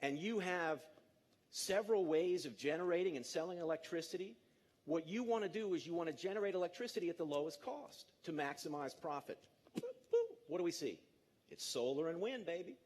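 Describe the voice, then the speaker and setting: Man in his fifties, stage talk, playful, slightly high voice, drawing in the crowd. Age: 50s. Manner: animated, jokey, coaxing the audience. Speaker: speaker. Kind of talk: live conference talk.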